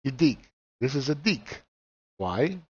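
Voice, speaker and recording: A man's voice: mid-range voice, very animated, takes it slowly, a little mellow, husky. A man in his forties teaching chart reading in a casual walkthrough. He is blunt and profane and fires off rhetorical questions. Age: 40s. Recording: slightly dull lo-fi recording.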